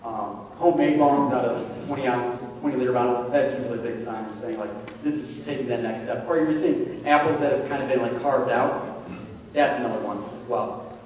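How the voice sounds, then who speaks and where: A man's voice: medium pitch, a little fast, darkish tone. A man giving a casual talk to parents as a therapist, speaking conversationally with lots of fillers. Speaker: addiction therapist presenting. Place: large echoey hall. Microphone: distant from the recorder. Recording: echoey hall from far off, faint background hum.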